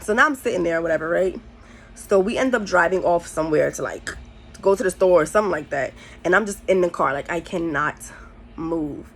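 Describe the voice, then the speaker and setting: A young woman tells a story to her camera, slangy and animated, laughing and swearing as she goes. Her voice jumps well up in pitch whenever she acts out her own panic. Faint noise sits behind her. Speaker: vlogger. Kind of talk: storytime vlog.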